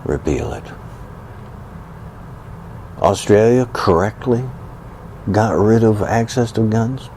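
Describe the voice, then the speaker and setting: A man's voice: fairly low pitch, unhurried, a little mellow, a little hiss or hum. A man delivering an indignant political opinion rant, sarcastic and mocking, repeating phrases for emphasis. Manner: indignant, sarcastic, mocks opponents with exaggerated sighs and gasps. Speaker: commentator.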